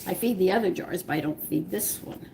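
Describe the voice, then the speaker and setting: Host, woman, gravelly voice, chatty cooking demo, noisy kitchen with pots clattering. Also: lowish voice, fairly quick, warm tone. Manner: chatty, explains steps while working dough by hand. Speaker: home cooking show host. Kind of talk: live-stream cooking demonstration. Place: home kitchen.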